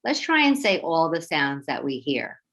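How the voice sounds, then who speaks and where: A woman teacher with a New York accent leading a children's phonics lesson, slow, clear and encouraging as she sounds words out. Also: low-pitched, big pitch swings, a bit bright.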